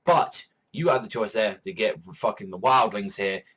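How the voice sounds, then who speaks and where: A man giving a casual, excitable fan reaction to a TV episode, swearing heavily and laughing often. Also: fairly low pitch, moderate pace, poor audio. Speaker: reaction vlogger.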